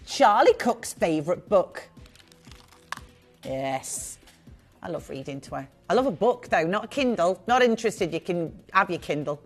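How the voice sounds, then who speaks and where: Female live shopping host, low-pitched, gushing and chatty, light music bed. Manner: chatty, gushing, quick asides. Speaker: shopping channel presenter. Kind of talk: live TV jewellery selling.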